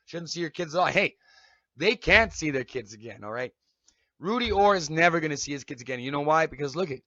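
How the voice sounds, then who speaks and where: A man rants on a live stream in a high voice, cursing and firing off accusations. His tone is sharp and strained. The dry sound comes through a dull, lo-fi mic. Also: no room sound. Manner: heated, accusatory, repeats "okay?". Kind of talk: angry profane rant.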